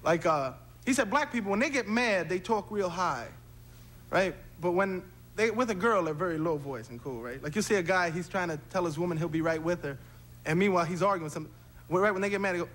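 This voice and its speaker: A man performing a stand-up comedy routine on stage, telling punchy stories with quick tag lines. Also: high-pitched. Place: theater stage before a live audience. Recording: noisy 1970s TV stage recording with roaring crowd. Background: loud audience laughter.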